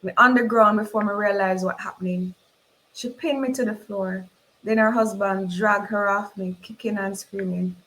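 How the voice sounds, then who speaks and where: Jamaican woman reading a story out loud, expressive, steady middle voice. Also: mid-range voice, moderate pace, poor audio. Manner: expressive, voices the characters in dialogue. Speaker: reader. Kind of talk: dramatic novel reading.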